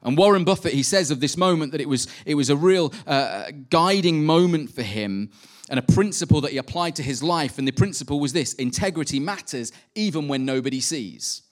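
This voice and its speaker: A man preaching a sermon in a conversational way, with animated rhetorical asides. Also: on the high side, a little fast.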